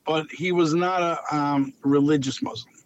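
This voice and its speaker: A man, a clown telling lively stories as an interview guest and repeating phrases for emphasis. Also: on the high side, normal speed. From Long Island, New York. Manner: animated anecdotal storyteller, repeats phrases for emphasis. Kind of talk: casual storytelling interview. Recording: dull lo-fi audio.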